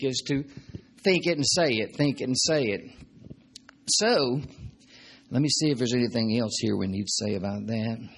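A man's voice: mid-range voice, gravelly, breathy edge. A man preaching a sermon in a conversational, joking way, often repeating his points. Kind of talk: sermon teaching.

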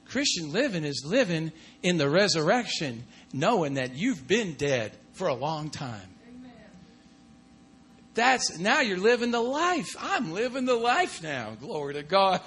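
A man preaching a sermon in a very high voice with a bright, forceful edge. He punctuates everything with cries of "come on" and "glory to God." He swings from loud bursts down to hushed asides. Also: very animated, unhurried.

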